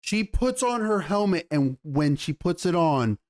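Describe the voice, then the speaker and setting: Exasperated male reviewer with a high voice, foul-mouthed, tripping over his words. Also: expressive, unhurried, darkish tone. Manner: exasperated, swears a lot, stumbles and restarts. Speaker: YouTube TV show reviewer. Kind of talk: profane ranting review.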